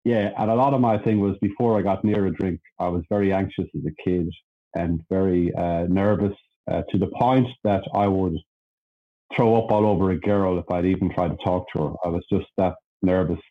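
A man's voice: low-pitched, fairly even intonation, a little fast, muffled recording. An Irish man, a podcast guest, telling his own story in a plainspoken, self-deprecating way. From Ireland. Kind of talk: candid storytelling chat.

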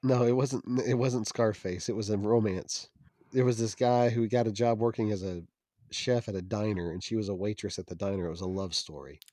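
A man's voice: on the low side, steady tone, fairly quick, dark tone, no echo, clean studio sound. A man co-hosting a podcast in casual chat, playful and theatrical. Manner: playful, theatrical, slips into silly voices. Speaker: podcast co-host.

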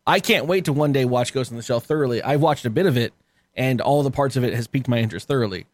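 A man's voice: medium pitch, fast. A man co-hosting a casual podcast chat, swearing freely, laughing often and rambling. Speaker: podcast co-host.

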